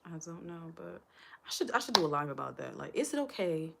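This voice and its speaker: Woman on a livestream, chatty and emotional, kinda low voice, calls everyone y'all. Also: sing-song, a little fast, creaky, slight background noise. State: close to tears. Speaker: livestream host. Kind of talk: casual livestream chat.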